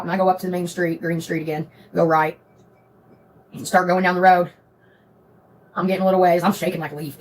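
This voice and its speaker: A woman telling a story to her stream viewers in a profane, animated way. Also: fairly low pitch, poor audio. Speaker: livestream host.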